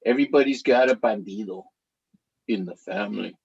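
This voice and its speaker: A middle-aged man telling stories to a live audience in an animated, chatty way, laughing now and then as he talks. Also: lowish voice, normal speed, vocal fry, husky, highs cut off. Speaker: author.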